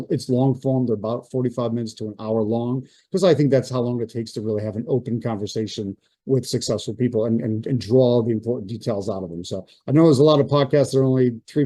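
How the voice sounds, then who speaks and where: A man hosting a real estate event, pitching his podcast, book and app in an upbeat, salesy way with some fillers. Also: dark tone, dry recording. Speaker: real estate trainer and host. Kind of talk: promotional talk to an audience.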